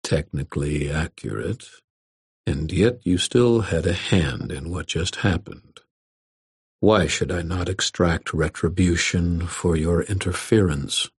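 A man playing a menacing dark elf coach who weighs every word. The voice sits very deep and slow, with a husky grain, calm and threatening at once, in an audiobook reading. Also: dry recording, studio quality, exaggerated voice. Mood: cold menace. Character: old-school male dark elf coach, cold and menacing.

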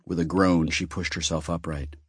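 A man's voice: sits low, level tone, normal speed, slightly rough, dry recording, studio quality. A man narrating a novel as an audiobook, reading expressively.

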